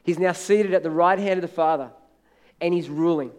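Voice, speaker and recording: High-voiced man preaching a lively sermon. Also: brisk, clean tone. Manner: animated preaching, half-singing hymn lines, rising and dropping loudness. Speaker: pastor. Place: church.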